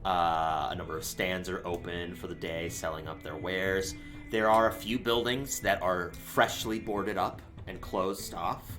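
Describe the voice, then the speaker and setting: A man narrating as game master of a tabletop role-playing game, in a relaxed, rambling way with many fillers. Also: low voice, measured pace, soft background music.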